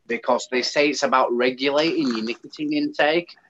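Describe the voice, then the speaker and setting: English man, casual chat, animated rant, mid-pitched voice, dull lo-fi sound. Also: brisk, a little hiss or hum. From United Kingdom. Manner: animated, ranting. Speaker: guest.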